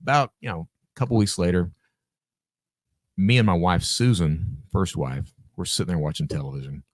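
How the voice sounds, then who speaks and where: A man's voice: deep voice, moderate pace, no echo, clean studio sound. A man guest on a podcast, telling a story casually, acting out the dialogue and swearing freely. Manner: animated, acts out quoted dialogue, swears freely.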